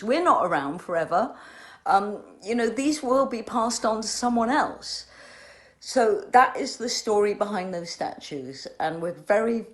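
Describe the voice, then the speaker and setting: A woman in her sixties, hosting from home, tells a personal story in a halting, emotional way. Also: mid-range voice. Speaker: host. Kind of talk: answering a fan question at home.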